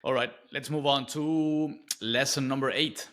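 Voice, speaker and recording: A man's voice: mid-range voice, steady tone, a bit bright. A man hosting a podcast interview, asking long questions with many restarts. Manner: halting questions with repeated restarts. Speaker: podcast host.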